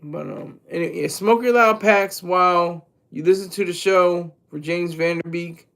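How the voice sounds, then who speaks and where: A man's voice: high-pitched, moderate pace, gravelly, fairly bright tone. A man streaming a crude, mocking, rambling commentary rant.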